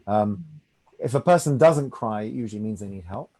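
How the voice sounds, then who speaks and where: A man leads a study group as its rabbi. His voice sits dark and mellow, and he talks in an easy, conversational way, often tagging "right?" onto his points. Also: fairly low pitch, lively intonation, normal speed. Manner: conversational, reassuring, asks "right?". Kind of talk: teaching a study class.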